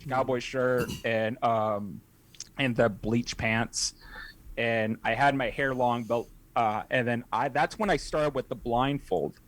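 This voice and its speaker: A young man tells a story as a podcast guest in a loose, rambling way. He restarts and corrects himself often. His voice sits at an ordinary middle pitch. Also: steady tone, takes it slowly, fairly bright tone. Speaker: podcast guest, haunt scare actor. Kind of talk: casual interview storytelling.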